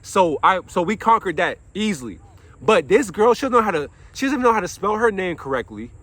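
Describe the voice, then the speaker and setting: A man's voice: sits high, sing-song, brisk, a bit bright, no room sound. A young man, an after-school counselor, delivering an impassioned monologue, preaching and swearing, asking himself questions and answering them. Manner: swears while venting.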